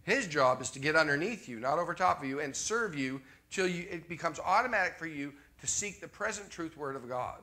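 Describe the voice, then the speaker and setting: This sermon comes from a Canadian man whose bright, forceful voice sits a little higher than most men's. Animated and fairly quick with few pauses, he talks conversationally, repeats his main lines, and keeps asking the congregation if they follow.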